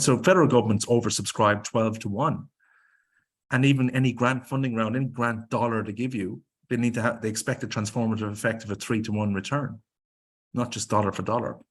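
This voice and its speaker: A man with an Irish accent giving a webinar presentation on grants, speaking briskly and emphatically and firing off rhetorical questions. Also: medium pitch.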